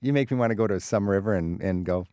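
A man's voice: sits low, quick pace, mellow, smooth, no echo, clean studio sound. A man hosting a radio travel show, asking curious questions and reading show links. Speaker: radio host.

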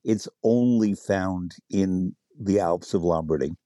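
A man's voice: sits low, slow, mellow, no echo, studio quality. A man being interviewed on the radio as an expert on Italian food, explaining dishes with enthusiasm and spelling out words.

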